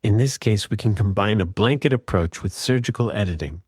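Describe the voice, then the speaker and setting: A man calmly and methodically walking through an audio repair tutorial in voice-over. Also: fairly low pitch, a little fast, husky, dry recording, studio quality. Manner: calm, methodical explaining. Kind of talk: screen-recorded software tutorial.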